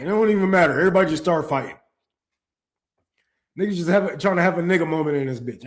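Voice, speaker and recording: High-voiced man ranting with profanity. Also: quick pace. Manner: profane, ranting, animated, rhetorical questions. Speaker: podcast host. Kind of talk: political commentary stream.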